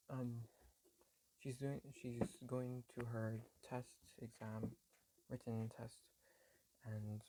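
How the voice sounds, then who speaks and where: A man's voice: mid-range voice, vocal fry, warm tone, slight background noise, rough recording. A man casually retelling a fan story on his phone, rambling with lots of ums and likes and mumbling some of the quoted lines.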